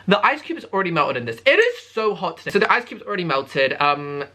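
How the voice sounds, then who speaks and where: A young man in his twenties, talking casually to camera from his bedroom. His voice is bright and crisp, with a very lively, swooping pitch. He is camp and dramatic and overshares freely. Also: quick pace. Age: 20s. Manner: camp, dramatic and oversharing, with sudden high squeals. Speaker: YouTuber.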